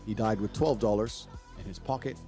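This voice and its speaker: A man's voice: fairly low pitch, fairly even intonation, a little fast, dark tone, soft background music. A man telling stories about his family in an interview, blunt and brash and swearing freely. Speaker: interviewee in archived clips. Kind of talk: storytelling interview talk.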